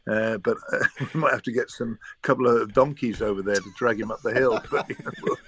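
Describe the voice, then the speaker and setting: An older man chatting as a radio guest, telling relaxed stories with a chuckle. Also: medium pitch, a little fast, husky. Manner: relaxed anecdotal storytelling, chuckling. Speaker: guest, former cricketer. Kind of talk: casual radio interview.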